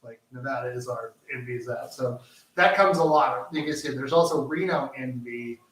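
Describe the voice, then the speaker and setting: A man's voice: mid-range voice, moderate pace, a bit bright. A man co-hosting a live cooking show, chatting loosely with lots of fillers and restarts while he cooks. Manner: rambling, full of fillers and restarts. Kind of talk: casual chat while cooking. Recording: roomy, distant mic, faint noise.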